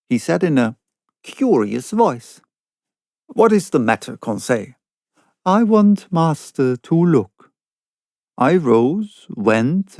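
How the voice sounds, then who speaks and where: Slow, gravelly-voiced male audiobook narrator. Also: medium pitch, darkish tone, dry recording, clean studio sound. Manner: measured, deliberate reading pace. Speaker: audiobook reader.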